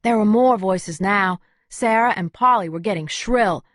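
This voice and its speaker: A woman's voice: mid-range voice, a little slow, fairly bright tone, no room sound, studio quality. A woman narrating a first-person audiobook in a wry, conversational way.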